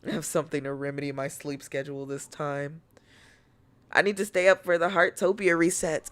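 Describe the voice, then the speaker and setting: A woman's voice: sits low, big pitch swings, normal speed. An American woman streaming and chatting casually, playful and teasing, swearing freely. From United States. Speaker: VTuber streamer.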